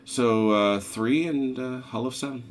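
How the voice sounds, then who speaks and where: A man's voice: medium pitch, a little slow, slight background noise. A man refereeing a tabletop naval wargame in casual chat, calling out dice rolls and results. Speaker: game referee.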